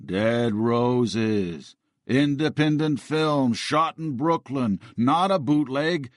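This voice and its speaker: A man's voice: mid-range voice, animated, slow, dry recording, studio quality, pitched above the performer's own voice. An actor playing a pushy street hawker in a zombie costume, his voice droning and muffled under latex. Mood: droning sales pitch. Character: man in a zombie costume hawking DVDs.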